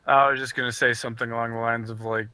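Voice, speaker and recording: Bright-voiced playful young man. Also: mid-range voice, little pitch movement, quick pace, clear, resonant tone, dry recording. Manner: playful, giggly. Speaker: player. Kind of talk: casual tabletop role-play.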